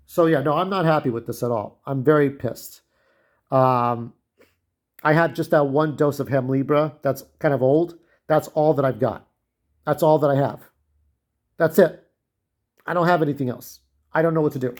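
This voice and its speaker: A young man with a fairly high voice rants straight to camera, furious and profane. He keeps restarting and repeating words as he vents. The talk is loose and unscripted, like a personal vlog. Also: normal speed, pauses often. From United States. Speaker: vlogger. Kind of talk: angry personal rant to camera.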